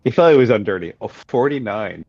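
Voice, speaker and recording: An excitable man playing in a tabletop game, quick to laugh. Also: on the low side, no room sound, lo-fi sound. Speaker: player.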